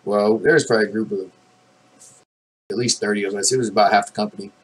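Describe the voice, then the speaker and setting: Laid-back rambling man, low voice. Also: steady tone, fast talker, husky, poor audio. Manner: rambling, laid-back, many fillers and restarts; swears casually. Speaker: army veteran vlogger. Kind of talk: casual storytelling monologue.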